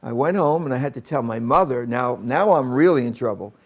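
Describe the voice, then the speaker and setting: Older male educator, gravelly voice, relaxed anecdotal storyteller. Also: mid-range voice, brisk. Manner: anecdotal, with acted-out quotes. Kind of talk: personal storytelling to camera.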